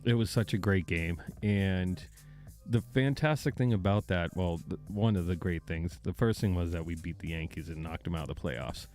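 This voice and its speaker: A man's voice: deep voice, normal speed, a little mellow, faint music behind. A man from the area, hosting a casual podcast chat, profane and mocking, laughing often. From Boston area. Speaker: podcast host.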